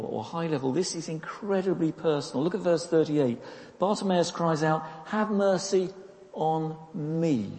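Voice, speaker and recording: In a church, a man with a slightly high, warm voice preaches conversationally, frequently posing rhetorical questions and repeating words along the way. The long reverb of the hall trails after him.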